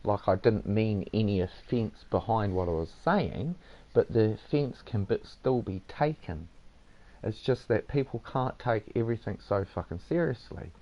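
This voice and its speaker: A man's voice: fairly low pitch, lively intonation, moderate pace. A man streaming a game, casually lecturing his listener in a rambling, swearing way with lots of "mate". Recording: dull lo-fi sound.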